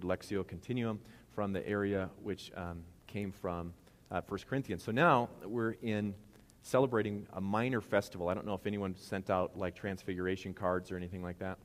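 Casual joking pastor in a big church hall. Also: male voice, fairly low pitch. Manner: casual, joking, asks the congregation questions. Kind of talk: sermon. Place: church sanctuary. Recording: long church reverb.

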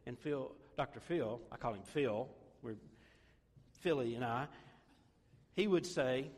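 Conversational pastor preaching in reverb. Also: male voice, fairly high pitch, animated, moderate pace. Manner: conversational, self-deprecating joking. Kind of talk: sermon.

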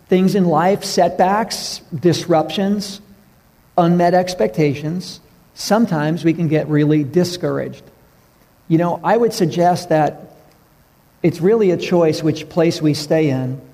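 A man preaching a sermon, telling stories in an earnest way and dropping his voice low for the tender parts. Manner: storytelling, earnest, drops to a hush for tender moments. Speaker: pastor. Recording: reverberant hall.

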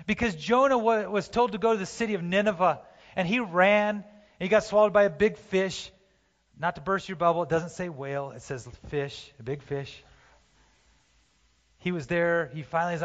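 A man with a high voice preaches a sermon with passion, pushing hard one moment and dropping to a hushed plea the next. His voice carries a long reverb from the church hall, and the recording sounds dull and muffled. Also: moderate pace. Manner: impassioned, swings from loud urging to hushed pleading. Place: church sanctuary.

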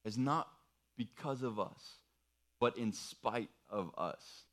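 An earnest man preaches to a young audience in a mid-pitched voice. He walks them through a worksheet with patient, encouraging instructions. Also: takes it slowly, fairly bright tone. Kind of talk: sermon with worksheet activity.

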